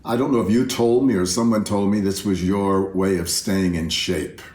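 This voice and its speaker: A man's voice: low-pitched, fairly even intonation, normal speed, darkish tone. An older man giving a reflective, heartfelt spoken tribute, speaking directly to an old friend. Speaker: artist giving a video tribute. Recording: roomy self-recorded video message.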